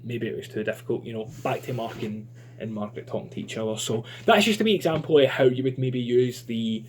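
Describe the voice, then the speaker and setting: A man's voice: mid-range voice, expressive, brisk, slight background noise. A man giving a chatty, informal online creative writing lesson. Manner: chatty and informal, lots of fillers.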